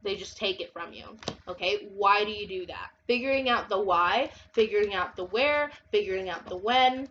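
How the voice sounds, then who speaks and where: A woman's voice: mid-range voice, moderate pace, highs cut off, noisy background. Casual, blunt woman tarot reader. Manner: chatty, blunt, swears, laughs often. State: congested, feeling unwell.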